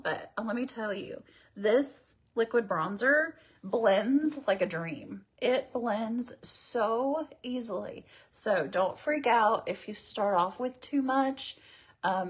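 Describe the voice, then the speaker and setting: This woman hosts a casual makeup tutorial livestream, chatting and rambling to viewers while she works. Her voice sits at medium pitch with a slightly rough edge.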